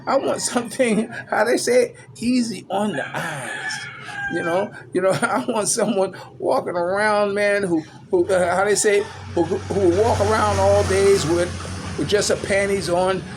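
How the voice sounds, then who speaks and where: An older man talks in a loose, rambling vlog, chuckling as he goes and filling pauses with "you know." His voice sits fairly high for a man. Traffic and street noise hum steadily behind him. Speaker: vlogger. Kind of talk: casual vlog commentary. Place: small outdoor hangout spot after tennis.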